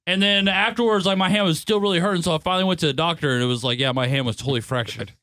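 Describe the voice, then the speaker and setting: A young man co-hosting a radio show, telling a rambling, animated story. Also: on the high side, very fast, no echo. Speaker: radio co-host. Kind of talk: casual radio banter.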